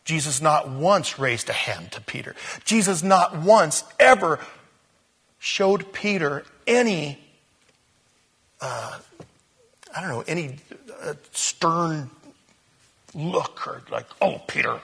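A man's voice: on the high side, lively intonation, takes it slowly, long pauses, a bit bright, husky. A man preaching a conversational sermon, telling the story informally with asides and acting out the quotes.

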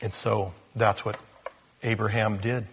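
A man preaching a sermon in a conversational way, growing animated as he reads scripture aloud. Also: lowish voice, measured pace, in a large hall, a little hiss or hum.

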